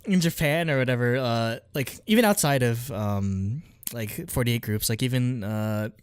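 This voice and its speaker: A man's voice: mid-range voice, moderate pace, clear, resonant tone, no room sound. A man co-hosting a podcast, chatting casually with lots of "like" and laughs. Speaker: podcast co-host. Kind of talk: casual chat.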